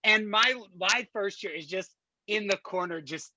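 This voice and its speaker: A man in his twenties, a podcast guest, telling a story casually in a slangy, animated way and swearing freely. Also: sits high, unhurried, background noise.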